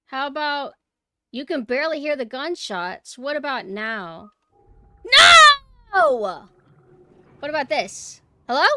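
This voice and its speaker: A woman streaming a game and chatting casually with her viewers, swinging between quiet murmurs and loud exclamations. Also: high voice, moderate pace. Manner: chatty, talks to chat directly. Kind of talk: casual gameplay livestream chat.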